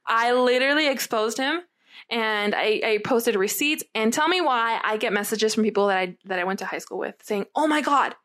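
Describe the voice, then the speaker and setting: A young woman with a slightly high voice tells a story in loose, casual chat. She is animated and swears freely. She keeps pulling the listener in with quick questions.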